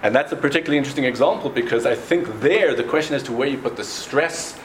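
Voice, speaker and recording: A man's voice: mid-range voice, quick pace, a little hiss or hum. A man teaching a religious class on pronunciation, speaking with frequent restarts and a singsong lilt when he stresses words. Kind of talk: Torah lesson on Hebrew pronunciation. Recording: echoey room with faint ambience.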